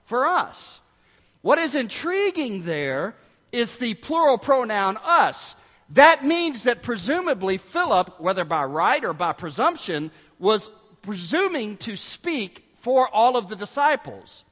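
A male preacher with a high, lively voice delivers a sermon in a church hall. He tells stories animatedly and acts out the quoted lines. His voice rings with a long echo. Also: slow. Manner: animated storytelling, acting out quotes. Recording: echoey hall.

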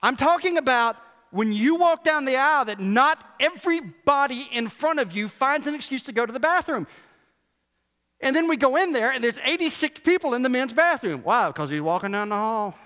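A male pastor preaches with animated emphasis, repeating key lines and asking the room rhetorical questions. His voice sits high for a man. It carries the long reverb of a large hall. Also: moderate pace. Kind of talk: sermon.

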